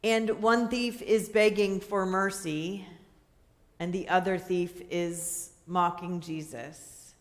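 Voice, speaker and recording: A woman's voice: on the low side, fairly even intonation, slow pace. A woman pastor preaching a sermon in a conversational way, checking in with her listeners. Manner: conversational, asks the listeners questions, light laughter. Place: church sanctuary.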